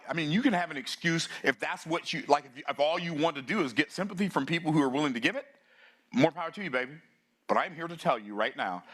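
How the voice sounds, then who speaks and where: A man, giving a fiery motivational talk that surges between low, intense stretches and excited outbursts. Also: breathy edge. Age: 60s. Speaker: summit speaker.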